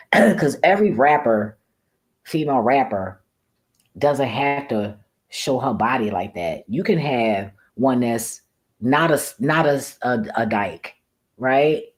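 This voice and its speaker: A woman's voice: very deep voice, lively intonation, slow pace. A woman vlogger ranting casually to camera in a blunt, profane way, often laughing at her own remarks. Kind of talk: casual rambling rant to camera.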